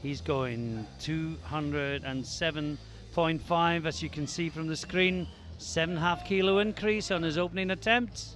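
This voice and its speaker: A man giving calm, measured live commentary on a powerlifting competition. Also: fairly high pitch.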